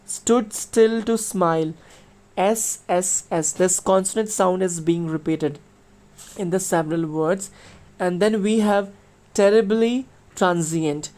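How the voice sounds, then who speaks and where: A woman's voice: on the low side, unhurried, mellow. A middle-aged woman teacher explains a poem to her class. She talks patiently, uses many fillers and spells words out letter by letter. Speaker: school teacher.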